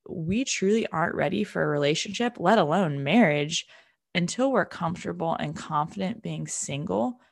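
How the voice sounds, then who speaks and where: A woman's voice: on the low side, creaky, no echo, clean studio sound. A young woman talking casually about faith and dating, chatty and full of fillers. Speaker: speaker sharing a faith testimony.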